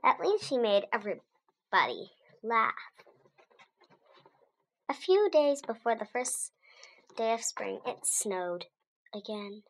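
Female storybook reader, expressive and unhurried, slightly high, animated read-aloud. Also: poor audio. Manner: expressive, with asides to listeners. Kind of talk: reading a children's book aloud.

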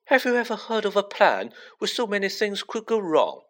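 A man's voice: high-pitched, huge pitch swings, moderate pace, a bit bright, pitched above the performer's own voice, exaggerated voice. A man reading an audiobook, voicing a gloomy, pessimistic teenage schoolboy. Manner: incredulous and pessimistic. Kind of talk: audiobook character voice.

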